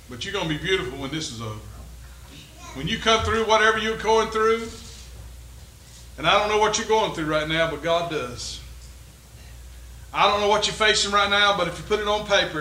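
A man pastor preaching a sermon and leading a closing prayer, dropping to quiet musing and then rising into loud exhortation. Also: high voice, expressive, normal speed, long pauses, echoey room, a little hiss or hum, poor audio. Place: church sanctuary.

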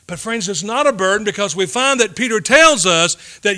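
A man preaching a sermon, swinging between loud emphatic points and hushed asides. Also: high-pitched, lively intonation, moderate pace, hardly any pauses. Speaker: pastor.

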